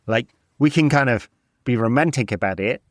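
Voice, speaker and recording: A man co-hosting a football podcast, animated, talking in bursts and tagging on "right?". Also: medium pitch, moderate pace, no room sound, clean studio sound. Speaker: podcast co-host. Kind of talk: casual football chat.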